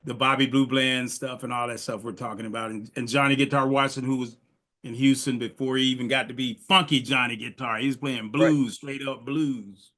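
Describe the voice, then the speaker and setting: A man's voice: mid-range voice, steady tone, brisk, a bit bright. A man hosting a casual interview, folksy and easygoing, laughing often at his guest's stories. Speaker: podcast host.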